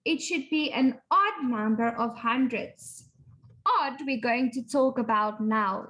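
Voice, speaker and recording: A woman's voice: on the high side, a bit bright, low-quality recording. A woman teacher reading a textbook dialogue with pupils, patiently explaining words and repeating phrases. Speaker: English teacher.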